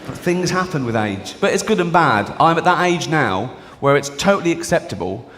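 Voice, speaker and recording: A man's voice: on the high side, big pitch swings, normal speed, a little hiss or hum. A man doing a stand-up routine, ranting with mock outrage and heavy swearing. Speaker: stand-up comedian. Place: large theatre on stage. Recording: echoey hall with loud audience laughter.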